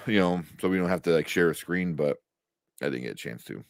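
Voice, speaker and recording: A man's voice: low voice, fairly quick, creaky, dry recording, studio quality. A man co-hosting a casual movie talk show, rambling with many fillers and restarts. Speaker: podcast co-host. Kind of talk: casual chat.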